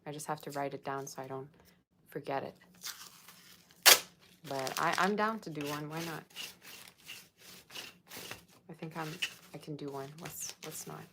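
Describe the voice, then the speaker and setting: A woman's voice: low voice, fairly even intonation, a little slow, long pauses. A woman tarot reader chatting casually on a livestream, reading viewer comments aloud and answering them. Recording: faint background noise.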